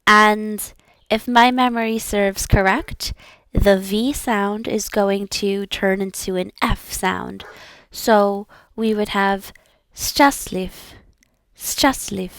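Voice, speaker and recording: Slow careful woman drilling words. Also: medium pitch, steady tone, fairly bright tone, dry recording. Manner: careful, repeats each word several times, explains sounds; self-effacing and encouraging. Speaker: language learner practicing aloud. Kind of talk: slow pronunciation practice, repeating words.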